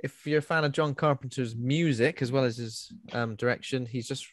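A man's voice: medium pitch, a little fast, no echo, studio quality. A man co-hosting a casual podcast chat, rambling with fillers. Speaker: podcast co-host.

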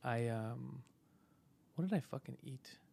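A man's voice: mid-range voice, animated, a little slow, vocal fry, dark tone, slightly rough. A man hosting a comedy podcast, teasing his co-host and telling a story in casual, profane chat. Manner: teasing, swears a lot, acts out quotes.

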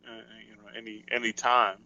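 A male podcast co-host chats casually about wrestling, rambling and thinking out loud with plenty of fillers. His mid-range voice is bright and forceful with flat delivery at a brisk pace, and the recording's highs are cut off.

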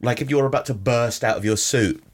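A man's voice: medium pitch, a little fast, slightly rough. A man co-hosting a podcast in casual chat. He has a dry, wry manner and often corrects himself mid-sentence. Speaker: podcast co-host.

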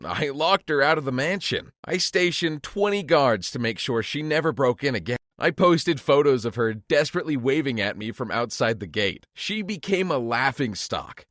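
A man telling a dramatic first-person story as an animated story narrator, with an expressive delivery. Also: medium pitch, no room sound, studio quality.

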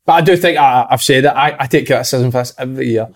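A Scottish footballer chats fast on a podcast and sticks firmly to his opinions. He often stumbles and repeats his words as he goes. His voice sits at a mid pitch. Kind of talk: casual chat.

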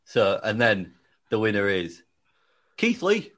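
Casting: man with a low voice, laid-back podcast panelist telling a loose, rambling story. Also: huge pitch swings, slow pace, a bit bright. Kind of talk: casual chat, pitching a wrestling storyline.

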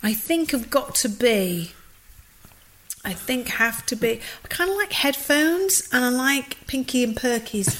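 A woman's voice: fairly high pitch, expressive, unhurried, a bit bright. A woman co-hosting a podcast, reading a listener email aloud in a giggly, cheeky way. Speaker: podcast co-host.

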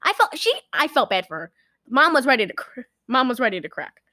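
A young woman tells a film's plot in a loose, rambling way, jumping back and forth and acting out the lines. Her voice sits a little high. The sound is dry and close, with no room around it. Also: a little fast, no echo. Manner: rambling, animated retelling with acted-out quotes. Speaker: podcast co-host recapping a film. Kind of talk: casual chat.

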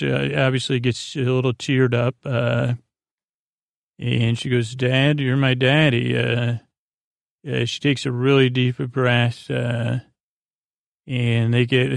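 A man recaps a story for a bedtime podcast, wandering through it with frequent pauses and restarts. His voice is gravelly and level, barely rising or falling, and it sits close and dry with no room sound. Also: mid-range voice, dry recording. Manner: rambling and hesitant, full of "uh" and restarts. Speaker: podcast host. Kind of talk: meandering sleep podcast episode recap.

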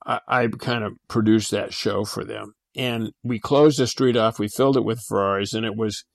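An older man recalling past events in a relaxed manner, with restarts and fillers. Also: on the low side, normal speed, vocal fry, dry recording, clean studio sound. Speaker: interview guest. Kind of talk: casual recollection.

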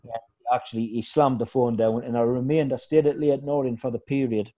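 A man's voice: mid-range voice, a little fast. A man telling football stories in casual chat, acting out other people's voices. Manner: animated anecdotes, acts out shouting voices. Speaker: former footballer guest.

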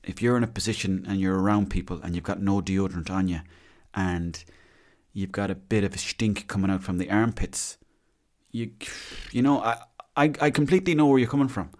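A man in his thirties with an Irish accent and a fairly low voice, talking on his own in a loose, rambling podcast chat. He pokes fun at himself and drifts from one thing to the next. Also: fairly quick. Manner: rambling, self-mocking and chatty. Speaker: podcast host. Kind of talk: casual solo podcast chat.

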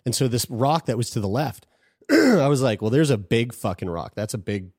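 A man's voice: medium pitch, very animated, normal speed, darkish tone, husky, dry recording, clean studio sound. A man telling a personal story in casual conversation, frank and profane, often restarting his sentences.

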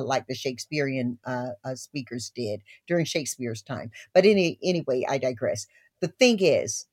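An older woman from the American South, a guest telling family stories in an expressive, laughing way. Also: low voice. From Southern United States. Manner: expressive, laughing storyteller, warm asides. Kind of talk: storytelling interview talk.

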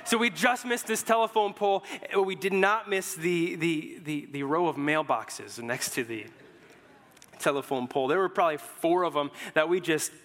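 A young man with a high voice preaches to his church, spinning a humorous story in a relaxed, chatty way. He speaks into a headset mic, and his voice rings with a long hall reverb. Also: normal speed. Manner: storytelling, informal and joking. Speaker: pastor. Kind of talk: sermon.

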